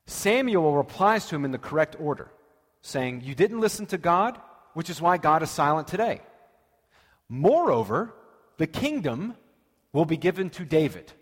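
A male preacher giving a sermon, retelling a story with animated, dramatic quotes. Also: fairly high pitch, unhurried, long pauses, breathy edge, big-room sound.

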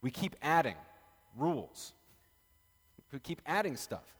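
A man's voice: on the high side, sing-song, takes it slowly, husky. A man, a pastor, leading a casual Bible study and joking with the group in the room. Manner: chatty, joking, talks with the group. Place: church room with a live group. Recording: long reverb of a large room.

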